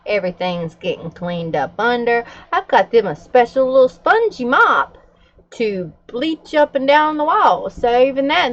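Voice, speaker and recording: A woman's voice: a little high, very animated, unhurried, highs cut off. A middle-aged woman, chatting candidly to her viewers with frequent fillers and laughs. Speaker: vlogger. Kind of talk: casual chat to camera.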